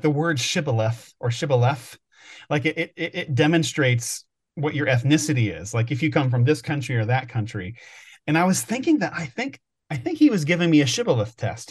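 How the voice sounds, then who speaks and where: A man co-hosting a podcast, telling stories in a rambling, thinking-aloud way during casual chat. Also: medium pitch. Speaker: podcast co-host.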